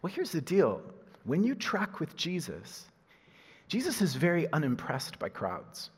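A man preaching a sermon as a pastor, animated, moving from loud emphasis to hushed asides and laughing at himself. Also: on the high side, measured pace. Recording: husky voice in a reverberant hall.

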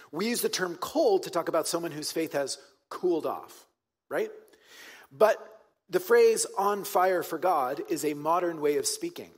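Husky-voiced man preaching conversationally. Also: fairly high pitch, long reverb tail. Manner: conversational, checks in with the audience; emphatic, repeats key points. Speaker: pastor. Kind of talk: sermon.

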